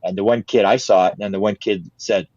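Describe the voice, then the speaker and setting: Older guy telling a story on an interview, kinda low voice, dry muffled recording. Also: fast, no room sound. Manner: animated, repeats words, laughs often. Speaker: interview guest. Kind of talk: casual storytelling.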